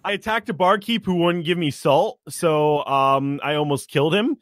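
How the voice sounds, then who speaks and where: Animated man telling a story, dry close sound. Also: on the high side, normal speed, no echo. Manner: animated, acts out his character with shouted lines. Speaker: podcast guest telling a game story. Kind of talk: casual storytelling chat.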